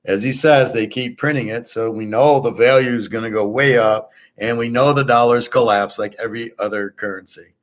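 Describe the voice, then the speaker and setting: A man's voice: mid-range voice, fairly even intonation, moderate pace, few pauses. A man hosting his own show, talking in a blunt, profane, rambling way with a Detroit accent. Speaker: show host. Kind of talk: casual monologue.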